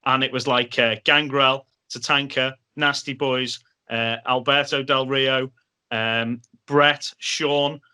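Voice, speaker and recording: Bright-voiced man telling stories. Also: mid-range voice, takes it slowly, clean tone. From Liverpool, England. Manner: animated storyteller, acts out other people's lines. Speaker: podcast guest. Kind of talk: casual anecdote telling.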